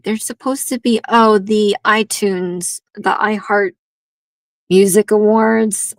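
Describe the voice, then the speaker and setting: A woman chats at an unhurried pace while she hosts a nail art livestream. Her voice has a gravelly fry and sits in a middle pitch. She rambles freely and laughs often, and the sound is dry and close. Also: dry recording, rough recording. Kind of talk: casual livestream chat.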